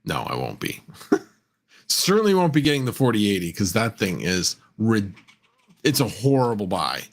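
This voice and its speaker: A man with a somewhat low voice hosts a casual livestream. He rambles, restarts his sentences and chuckles often as he answers viewers' messages. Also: very animated, moderate pace. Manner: rambling, self-correcting, chuckles often, reads chat aloud. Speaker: livestream host.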